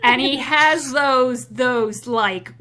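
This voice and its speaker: A woman narrating as game master of a tabletop game, relaxed with many fillers and frequent laughs. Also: sits high, very slow, crowd noise.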